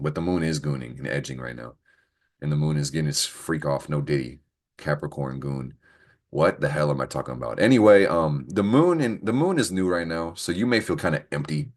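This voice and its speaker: A young man hosting a casual astrology show, joking, swearing freely and laughing often, recorded on a computer call. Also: extremely low pitch. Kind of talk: casual weekly astrology talk. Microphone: computer mic on a screen-recorded call.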